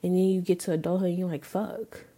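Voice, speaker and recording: A woman's voice: on the low side, level tone, very fast, warm tone. A woman in her twenties hosting a podcast, telling her own story in a candid, emotional way with casual swearing. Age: 20s. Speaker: podcast host. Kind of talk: personal storytelling monologue.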